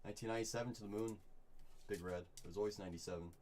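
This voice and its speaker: A man hosting a live card break, chatting with viewers and calling out each pull with bursts of excitement. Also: on the low side, racing, a little hiss or hum. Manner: upbeat, chatty, reads chat and calls out pulls with bursts of excitement.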